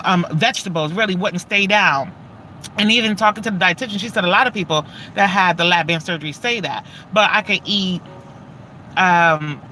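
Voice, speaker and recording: A woman talks straight to her camera in an unfiltered vlog, swearing freely and wandering off topic before pulling herself back. Her voice is bright and forceful, with a sharp, pushing edge. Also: lowish voice, slight background noise. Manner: blunt, profane and rambling. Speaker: vlogger. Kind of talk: casual talk to camera.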